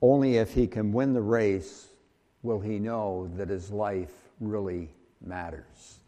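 A man preaching a sermon, talking slowly and haltingly with frequent restarts and fillers. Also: lowish voice, fairly even intonation, warm tone, big-room sound. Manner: slow, halting delivery with many restarts and fillers. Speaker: pastor.

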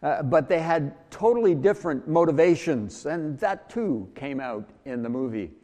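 A man preaching a sermon, talking slowly and haltingly with frequent restarts and fillers. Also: on the high side, animated, warm tone, long reverb tail. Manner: slow, halting delivery with many restarts and fillers. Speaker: pastor.

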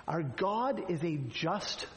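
Man, pastor preaching, chatty rhetorical asides, high voice, long hall echo, faint hiss. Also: animated, slow pace. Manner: conversational preaching, frequent "right?" asides, acts out quoted lines. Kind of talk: sermon.

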